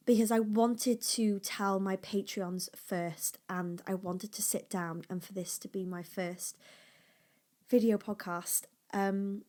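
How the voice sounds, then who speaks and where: Young adult woman, mid pitch, home podcast host: candid, emotional, drifts between lively talk and soft near-whispers. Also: measured pace. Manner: open, emotional, fillers and restarts, shifts between bright and near-whispered. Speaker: podcast host and small business owner. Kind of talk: casual personal podcast talk.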